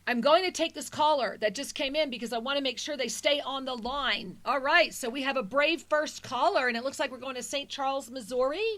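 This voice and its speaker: A woman's voice: high voice, a little fast, few pauses, a bit bright. A woman hosting a spiritual call-in radio show, effusive and affectionate with her callers.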